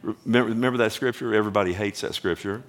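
A middle-aged man preaching a sermon as a pastor, talking loosely with restarts, often checking with the congregation, and building up louder and higher as he goes. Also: fast. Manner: rambling, repeats himself, asks the congregation "amen?".

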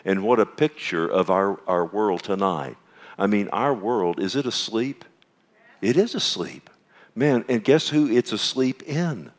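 A man preaching a sermon, swinging between loud emphatic scripture reading and soft hushed asides. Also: on the low side, animated, a little slow.

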